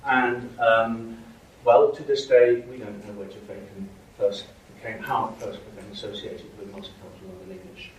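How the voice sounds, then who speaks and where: A man's voice: medium pitch, normal speed, distant mic, a little hiss or hum. Middle-aged man lecturing in an echoey hall. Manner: hesitant, many ums and restarts. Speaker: linguistics lecturer. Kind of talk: university lecture. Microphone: room mic from a distance.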